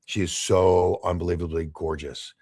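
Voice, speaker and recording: A middle-aged man, a podcast guest, telling animated anecdotes and acting out the dialogue in shifting voices. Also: deep voice, moderate pace, dry recording, studio quality. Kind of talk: casual storytelling in a podcast interview.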